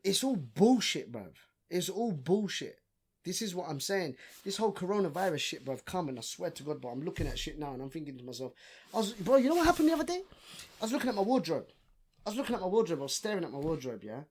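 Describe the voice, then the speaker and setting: Animated young man ranting. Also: a little high, fast talker, husky. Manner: animated, swears a lot, says bro often. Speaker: podcast guest. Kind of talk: casual ranting chat.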